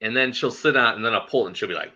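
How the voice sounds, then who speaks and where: A man's voice: lowish voice, fast, bright, forceful tone. A man hosting a casual interview chat, rambling with lots of fillers and laughing often as he talks. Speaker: host. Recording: muffled lo-fi audio.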